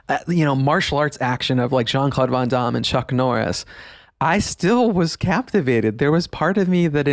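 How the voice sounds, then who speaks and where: A man's voice: medium pitch, no room sound, clean studio sound. A man, hosting a nostalgic podcast monologue, enthusiastic and emphatic, laughing often as he talks. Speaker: podcast host.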